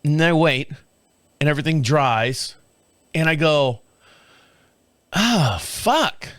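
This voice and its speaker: A man's voice: sits high, fairly bright tone, no room sound, studio quality. A middle-aged man hosting a podcast, telling a long story in a profane, rambling, casual way and acting out parts with laughs and sound effects. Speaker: podcast host.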